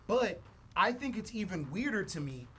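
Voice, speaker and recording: A man's voice: high-pitched, very animated, moderate pace, very noisy. A man co-hosting a podcast, talking in a casual, opinionated, slangy way. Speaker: podcast co-host. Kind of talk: casual pop-culture chat.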